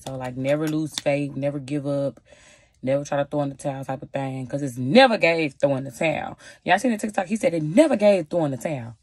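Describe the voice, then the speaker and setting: A woman's voice: deep voice, fairly quick, darkish tone, no room sound. A woman in her twenties giving casual advice in a chatty, sassy vlog, talking straight to her viewers with plenty of slang. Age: 20s. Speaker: vlogger.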